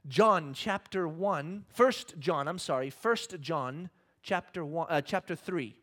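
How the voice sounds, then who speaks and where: A man's voice: fairly high pitch, slow pace. A man in his thirties preaching a sermon, telling a personal story with humor and acting out the scenes. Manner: animated storyteller, acts out scenes, self-deprecating humor. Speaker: pastor. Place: church hall with congregation.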